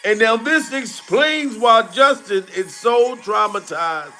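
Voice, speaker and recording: A male comedian with a high voice drags his words out slowly as he riffs on gossip news. He breaks into laughter often and swears freely. Faint music plays underneath. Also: animated, pushed and bright. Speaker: comedian commentator. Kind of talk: casual gossip commentary.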